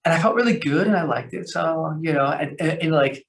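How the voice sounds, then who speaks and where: A man telling long stories as a podcast guest, rambling and animated, with lots of fillers, restarts and slang. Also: on the high side, a little fast. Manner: slangy, calls the host bro. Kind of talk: casual storytelling conversation.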